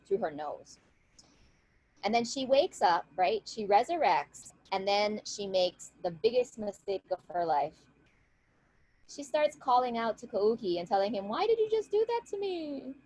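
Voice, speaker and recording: Husky and mid-range, her voice carries a casual retelling of a legend to listeners on a video call, where she keeps checking in with a lively "right?" She's appearing as a storyteller and guest speaker. The recording is dry and low quality.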